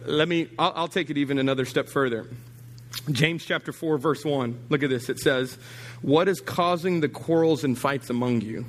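Animated preaching man, higher voice. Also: moderate pace, long reverb tail. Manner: animated, teasing, swings from low and quiet to high and emphatic. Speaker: pastor. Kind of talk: sermon.

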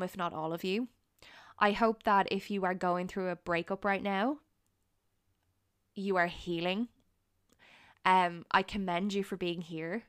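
A young woman hosting a solo podcast, talking in an earnest, encouraging way with frequent pauses. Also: lowish voice, smooth, no room sound, clean studio sound. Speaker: podcast host. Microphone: studio microphone.

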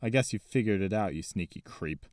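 A man's voice: on the low side, animated, fairly quick, a little mellow, no room sound, clean studio sound, close to an everyday voice. A man voicing a drunk, violent older man who growls with contempt. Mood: angry.

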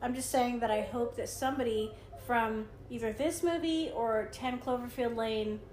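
A woman chatting casually about a movie, full of "like" and quick to argue her point. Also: fairly high pitch, a little mellow. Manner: chatty, lots of "like", argumentative. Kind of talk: casual movie commentary chat. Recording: roomy room with faint noise.

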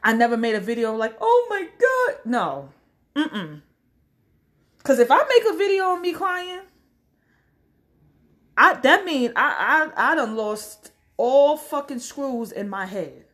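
Woman, fairly high voice, lively swooping pitch, blunt, profane, preachy vlog rant. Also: a little slow. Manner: blunt, profane, preachy advice with acted-out quotes. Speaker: social media commentator. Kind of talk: casual direct-to-camera rant.

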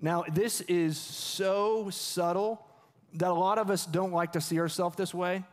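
A man's voice: sits high, steady tone, a little slow. A man preaching a sermon as pastor, earnest and repetitive, with restarts and rhetorical questions. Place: church sanctuary. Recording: long hall reverb.

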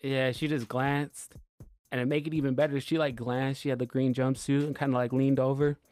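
A man telling stories on a podcast with loose, animated energy, peppering every sentence with slang and curses. His voice sits at an ordinary middle pitch. The sound is close and dry, with no room around it. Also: brisk, no room sound. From US West Coast. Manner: animated storyteller, swears, lots of "like" and "bro". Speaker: podcast co-host. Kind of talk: casual chat.

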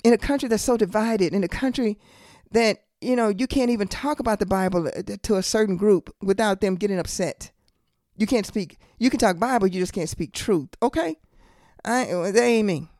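A woman's voice: mid-range voice, normal speed, darkish tone, no room sound, clean studio sound. A woman hosting a podcast and teaching the Bible, preaching emphatically, repeating phrases for stress and firing rhetorical questions, with casual colloquial asides. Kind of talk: preaching monologue.

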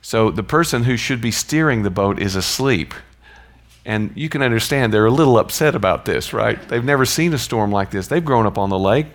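Gravelly-voiced man teaching Bible. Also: fairly low pitch, lively intonation, brisk. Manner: conversational, chuckling asides. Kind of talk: informal Bible teaching with personal stories.

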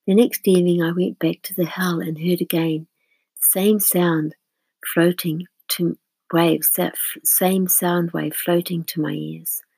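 A woman reading a story aloud in a soft, partly whispered voice, with small restarts. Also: low-pitched, breathy edge, no room sound, rough recording. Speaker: narrator.

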